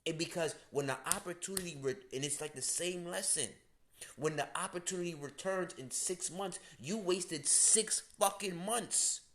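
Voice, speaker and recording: A man with a fairly high, slightly bright voice hosts an astrology segment as a casual direct-to-camera rant. He is blunt, emphatic, profane and full of slang.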